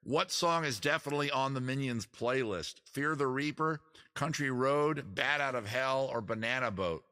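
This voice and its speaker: A man hosts a casual live-stream trivia quiz, joking around and teasing players with crude asides. He speaks at normal speed in a mid-range voice with a sharp tone.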